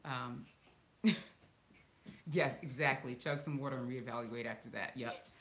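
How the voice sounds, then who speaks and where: Chatty woman with a low voice. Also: steady tone, a little slow. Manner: chatty, laughs often, many ums. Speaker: vlogger answering viewer questions. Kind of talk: casual live Q&A chat. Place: home room. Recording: echoey room with faint hiss.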